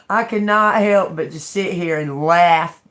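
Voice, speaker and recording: A woman's voice: fairly low pitch, a bit bright. A woman tarot reader chatting casually to her viewers, laughing through her words, cursing freely and calling them y'all.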